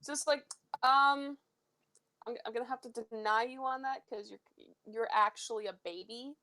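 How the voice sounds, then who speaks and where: Canadian woman, fairly high voice, lively casual player chatter, swears and laughs a lot. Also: slight background noise. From Canada, Ontario. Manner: animated, swears freely, quick to laugh. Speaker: tabletop game player. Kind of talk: casual chat between game players.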